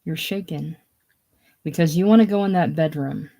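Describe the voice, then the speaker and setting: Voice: medium pitch, moderate pace, mellow, natural voice. A solo reader voicing a blunt, teasing man in a casual play reading.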